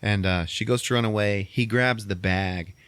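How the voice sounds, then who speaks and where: A man's voice: normal speed, clean tone, no room sound. A man hosting a podcast, animatedly retelling a movie plot with lots of swearing. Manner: animated storytelling, swearing, acting out characters in squeaky voices. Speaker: podcast host recapping a movie. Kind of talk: casual chat.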